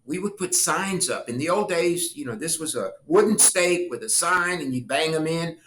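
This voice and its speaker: An older man and former politician tells anecdotes with animated flair, slipping into quoted voices and laughing along. His voice sits a touch high and rings bright and forceful. The room gives it a noticeable echo. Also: moderate pace. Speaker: guest, former congressman. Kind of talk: storytelling interview talk.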